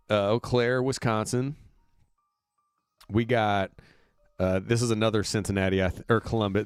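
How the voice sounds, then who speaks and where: While faint demo music loops in the background, a medium-pitched man from Indiana chats on a livestream about booking his band's tour. He's casual, upbeat, and rambling, with plenty of fillers, and there's no echo.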